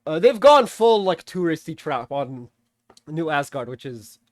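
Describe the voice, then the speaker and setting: A man casually recapping and reviewing a movie, animated, swearing freely and laughing often. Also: a little high, measured pace, no echo, studio quality. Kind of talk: casual spoken film recap.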